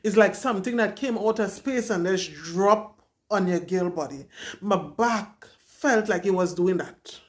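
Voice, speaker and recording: A woman's voice: mid-range voice, measured pace. Dramatic young woman storyteller. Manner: candid, dramatic, emphatic retelling. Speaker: vlogger. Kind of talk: casual storytelling to camera.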